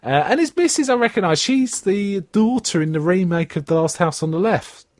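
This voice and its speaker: A man's voice: brisk, dry recording, studio quality. A man recapping a TV episode in casual chat, acting out the characters' lines as he goes. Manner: animated retelling, pitching up for quoted characters. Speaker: podcast host.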